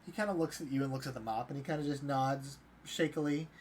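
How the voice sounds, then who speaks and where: A man's voice: mid-range voice, quick pace, a little mellow. Guy running a tabletop game, loose and hedgy, mid voice, bit of hiss. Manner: casual, hedging with fillers. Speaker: game master.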